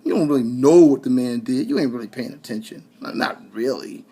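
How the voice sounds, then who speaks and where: A man's voice: mid-range voice, fairly quick, mellow, slightly rough. A man giving a heated, sarcastic political rant straight to his listeners, often stumbling over repeated words. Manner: addresses listeners directly, colloquial. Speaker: commentator. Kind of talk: ranting political commentary.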